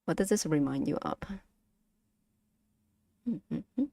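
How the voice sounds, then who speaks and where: Woman with a Vietnamese accent, streamer-teacher. Low voice, very lively pitch, unhurried delivery, dry close sound. Giggly, demonstrates each tone aloud. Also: vocal fry, no room sound. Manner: playful, giggly, drills tones aloud. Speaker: vtuber language streamer. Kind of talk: casual language lesson to stream chat.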